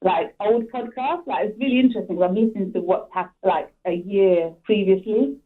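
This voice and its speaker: A woman's voice: mid-range voice, moderate pace. A woman with a London accent calling in to a radio show, chatty and laughing, with many restarts. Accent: London English. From England. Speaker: caller. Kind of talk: call-in radio chat. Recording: phone line.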